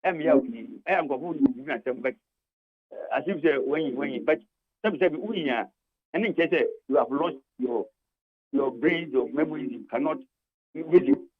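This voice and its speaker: A man's voice: on the high side, moderate pace, slightly rough, narrow, tinny audio. An older man with a Ghanaian accent, a labour union leader arguing emphatically on a radio talk show, repeating his points and switching between English and Twi.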